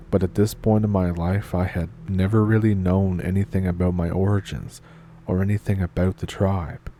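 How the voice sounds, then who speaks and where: A man narrating spooky first-person stories in a calm, measured way. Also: sits low, slight background noise. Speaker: horror story narrator. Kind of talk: storytelling narration.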